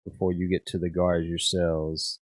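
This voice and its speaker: Low-voiced man running a tabletop game. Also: little pitch movement, normal speed, no room sound. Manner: rambling, filler-heavy, repeats words. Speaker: game master.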